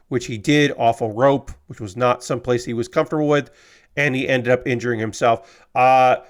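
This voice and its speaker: A man talks to his stream audience in an easy, unscripted way, stopping often on uh and um as he gathers his thoughts. His voice is clean and resonant and sits a little high for a man. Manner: halting, heavy on filler words. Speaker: livestream host. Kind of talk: casual livestream talk.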